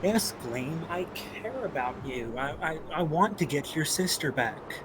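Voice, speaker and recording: A man's voice: fairly high pitch, very animated, unhurried, noisy background. A man voicing a protective, stern woman who scolds firmly but cares. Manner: firm, scolding.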